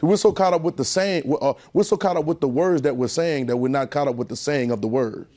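Male preacher, sermon delivery, folksy asides to the congregation, climbs in pitch and volume on key points. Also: quick pace, dark tone. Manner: call-and-response preaching, building in pitch and volume.

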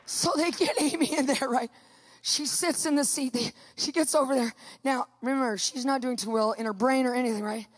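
A woman tells her personal testimony in an animated way. She laughs often and acts out other people's voices as she goes. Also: high voice, fairly quick. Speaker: guest giving a testimony.

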